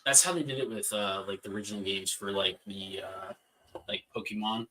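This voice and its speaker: A man co-hosting a live podcast, telling animated stories and mimicking other people's voices. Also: fairly low pitch, fairly quick, slight background noise. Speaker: podcast co-host. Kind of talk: casual chat.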